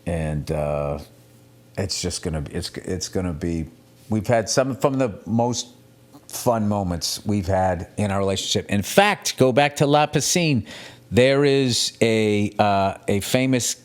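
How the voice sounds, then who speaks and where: A middle-aged male comedian rambling through a casual, profane monologue, telling stories in an animated way. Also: on the low side, unhurried. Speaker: comedian, podcast host.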